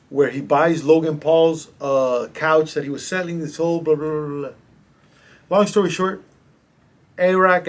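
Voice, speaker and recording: Animated slangy man telling stories. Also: on the high side. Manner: animated, slangy, acts out quotes. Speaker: podcast guest, coach. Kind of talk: casual storytelling in a podcast interview.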